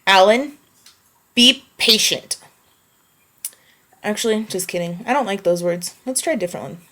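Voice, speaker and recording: A woman making a casual voice post, answering questions wryly and reading a book passage slowly and evenly. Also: medium pitch. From United States. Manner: offhand and wry, reads prose slowly and evenly. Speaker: vlogger answering a question meme.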